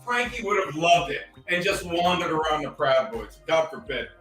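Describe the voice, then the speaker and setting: A man's voice: a little high, lively intonation, normal speed, fairly bright tone. A man joining in from off camera with dry, blunt, teasing banter. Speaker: co-host off camera. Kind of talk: casual banter. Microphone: off-mic, away from the camera. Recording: distant, very echoey room with faint music.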